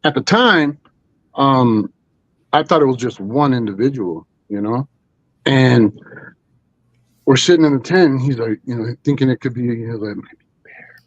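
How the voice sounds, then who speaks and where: Over a dull, lo-fi stream with no room sound, a man of middle pitch tells a story as a guest. He rambles and restarts, with fillers all through. His tone is casual. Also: moderate pace, pauses often, no echo. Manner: rambling, full of 'you know' and restarts.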